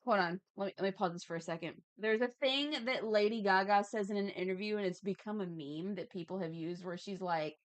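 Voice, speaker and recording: A woman's voice: medium pitch, a little fast, few pauses, no room sound. A woman in her thirties hosting a livestream, chatting playfully and reading out chat messages while she draws. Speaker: livestream host.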